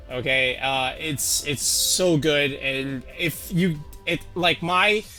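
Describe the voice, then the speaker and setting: A man's voice: on the high side, pushed and bright. A man casually walking through a game teambuilding tutorial, rambling with lots of fillers and restarts. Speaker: competitive game YouTuber.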